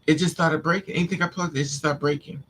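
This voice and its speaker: A man's voice: on the high side, fairly even intonation, fast talker, a bit bright, a little hiss or hum. A man vlogger intensely telling a painful personal story to his viewers, repeating himself as he vents. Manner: intense, repetitive, venting.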